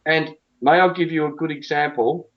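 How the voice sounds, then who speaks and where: A man's voice: on the high side, steady tone, moderate pace, lo-fi sound. A man who coaches cricket, talking bluntly and emphatically in a colloquial interview.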